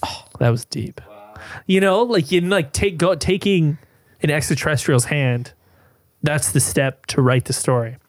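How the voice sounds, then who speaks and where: A man's voice: a little high, fairly even intonation, a little slow. A man, a podcast guest, talking casually in a rambling, earnest way with lots of fillers. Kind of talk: casual chat.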